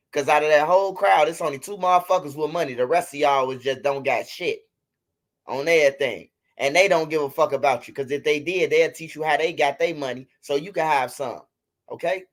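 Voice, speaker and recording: A man with a Chicago accent hosting casual livestream commentary, mocking and trash-talking his critics with lots of repetition. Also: a little high. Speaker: commentary host of a street news channel.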